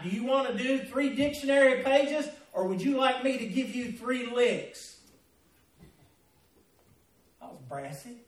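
A man's voice: very high-pitched, fairly bright tone. A middle-aged man with a Southern American accent telling a personal story in a sermon, folksy and laughing through the tale. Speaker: pastor. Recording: echoey, from a distance.

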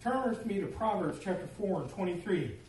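A man's voice: sits high, animated, fairly quick, a little mellow. A man preaching a sermon as pastor, telling stories with humor and animation. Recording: echoey room, distant mic, faint noise.

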